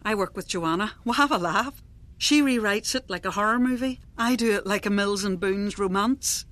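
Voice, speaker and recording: A woman narrating a scripted dramatic monologue in a confiding, lively storyteller manner. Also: medium pitch, moderate pace, no room sound.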